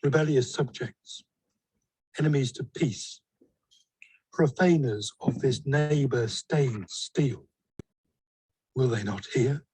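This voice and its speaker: An actor playing a stern, commanding prince in a Shakespeare audio drama, declaiming verse in measured lines. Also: male voice, medium pitch, mellow, husky, no echo, poor audio. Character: stern commanding male prince, ruler of the city.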